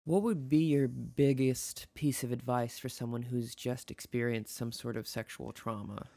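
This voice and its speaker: An interviewer in a casual conversation who asks blunt, direct questions. Short affirming words fill the gaps between the questions. The voice sounds dry and close, with a middle pitch. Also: fairly even intonation, normal speed, dark tone, dry recording.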